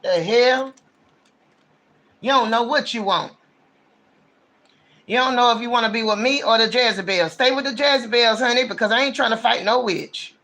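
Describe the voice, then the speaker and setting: Very high bright-voiced guy doing a tarot reading on a stream, blunt and slangy, rants a lot. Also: normal speed, pauses often. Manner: blunt, ranting, slangy and emphatic. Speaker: tarot reader. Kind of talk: casual livestream tarot reading.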